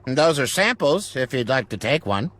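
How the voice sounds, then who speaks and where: A man's voice: medium pitch, sing-song, normal speed, a bit bright. An actor playing a vain, haughty male alchemist who runs a shop in a game, with dismissive, theatrical outbursts. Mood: curt. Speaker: alchemist shopkeeper. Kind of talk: video game voice acting.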